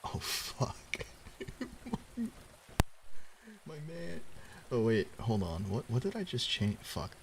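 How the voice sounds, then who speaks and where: A man's voice: mid-range voice, wildly swooping pitch, drawn-out words, creaky, pauses often, noisy background. A man streaming a casual book reading, irreverent and swearing, breaking into laughter.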